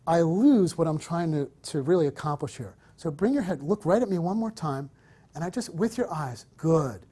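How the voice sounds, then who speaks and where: A man's voice: a little high, animated, moderate pace, mellow, breathy edge. A man teaching wedding photography on location, directing his subject and explaining to viewers as he moves around a hotel. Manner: coaching, encouraging, talks to camera and subject by turns. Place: hotel interior, on the move.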